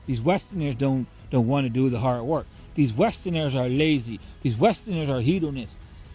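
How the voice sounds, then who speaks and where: A man delivering a profane, mocking political rant, swinging between loud outbursts and low muttering. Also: moderate pace, few pauses, soft background music. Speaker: political commentator. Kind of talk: ranting monologue. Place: Germany.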